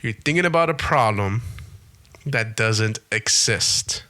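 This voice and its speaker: A man's voice: on the low side, animated, slow pace, bright, forceful tone. A young man hosting a podcast in a casual monologue, emphatic and repetitive, swearing freely. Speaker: podcast host.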